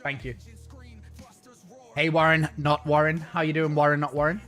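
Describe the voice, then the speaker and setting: A man's voice: on the high side, little pitch movement, normal speed, fairly bright tone, faint music behind. A man streaming a game and chatting casually with his viewers in a rambling, self-mocking way.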